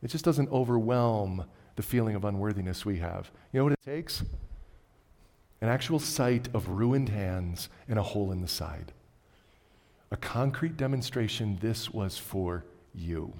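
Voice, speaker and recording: A man preaching a sermon, moving between loud, emphatic lines and quiet, low ones. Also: expressive, measured pace. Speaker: pastor. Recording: long hall reverb.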